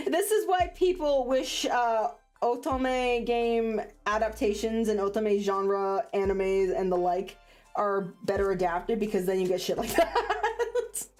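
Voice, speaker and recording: Woman streamer, lively pitch, rambling and giggly chat. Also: slow pace, soft background music. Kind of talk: casual chat on a livestream.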